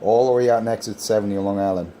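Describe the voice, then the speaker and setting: A man with a low, mellow voice talks with scorn, tearing into a rival operator's gear and skills in technical detail. Faint background noise sits under his voice. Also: steady tone, racing. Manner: scornful, technical put-downs. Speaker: CB radio operator. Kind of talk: on-air radio banter.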